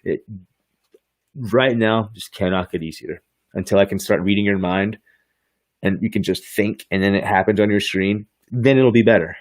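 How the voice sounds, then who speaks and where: A man with a fairly low voice hosts a podcast and demos software on screen. He talks in hyped, slangy sales patter and laughs often. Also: moderate pace. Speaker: podcast host. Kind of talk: screen-share software demo.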